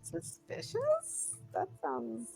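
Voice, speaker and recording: A woman's voice: high-pitched, huge pitch swings, drawn-out words, gravelly, darkish tone, faint music behind. A woman playing in a tabletop game, asking questions in a polite, curious way. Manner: inquisitive, polite. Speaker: player.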